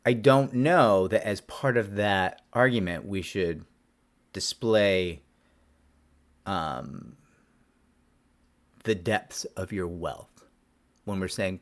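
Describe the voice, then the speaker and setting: A man's voice: fairly low pitch, takes it slowly, pauses often. A man, a lawyer, telling a story to camera in a rambling, self-deprecating way with many restarts.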